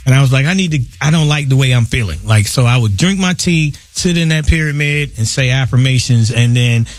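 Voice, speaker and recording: Loud, laughing man in his fifties. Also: mid-range voice, animated, fairly quick, no room sound. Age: 50s. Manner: loud, laughing, shouts words for emphasis. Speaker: guest artist. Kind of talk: casual interview chat.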